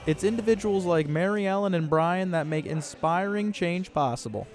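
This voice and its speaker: A man's voice: high voice, moderate pace, faint music behind. A young man reporting a local news story in an upbeat way. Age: young adult.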